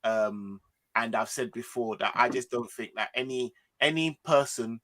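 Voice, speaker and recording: Male host, bright and punchy, animated, slangy. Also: mid-range voice, normal speed. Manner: animated, swears, slangy, trails off. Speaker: host of fan show. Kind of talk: casual chat.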